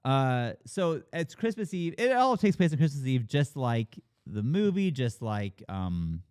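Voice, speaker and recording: A man co-hosting a casual film discussion, retelling scenes with sudden pitch jumps as he acts out characters, with lots of swearing and fillers. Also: a little slow, clear, resonant tone, dry recording, clean studio sound. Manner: animated retelling, acting out characters' lines with big pitch jumps. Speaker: podcast co-host reviewing a film. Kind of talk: casual chat.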